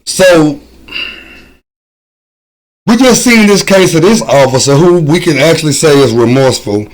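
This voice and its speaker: A man hosting a reaction video, commenting thoughtfully with frequent pauses and ums. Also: on the high side, lively intonation, poor audio. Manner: thoughtful, hesitant, many ums. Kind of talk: casual commentary.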